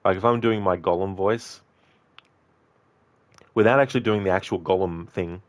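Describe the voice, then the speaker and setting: A man's voice: deep voice, normal speed, no echo. A man streaming a game, rambling casually to his viewers, answering them and swearing freely. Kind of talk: casual live-stream chat.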